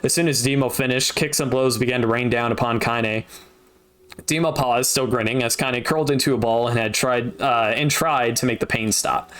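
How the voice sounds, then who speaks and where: A man reading a novel aloud on a stream, steady narration broken by wry asides. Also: medium pitch, a little fast. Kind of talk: casual audiobook reading with asides.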